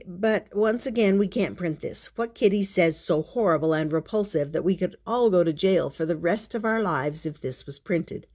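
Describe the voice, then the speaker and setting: An older woman voices a grandmother sharing a story, reading from a children's picture book in an expressive, leisurely way. She adds playful asides, and her pitch is fairly low.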